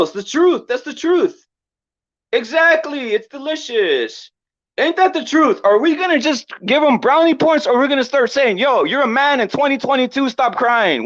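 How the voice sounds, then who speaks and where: A man hosting a boxing commentary vlog with a lively, swooping delivery, ranting provocatively and repeating his points while tossing out shout-outs. The audio is dull and dry. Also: very high-pitched, no room sound. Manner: provocative, repetitive, gives chat shout-outs. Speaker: boxing commentary channel host.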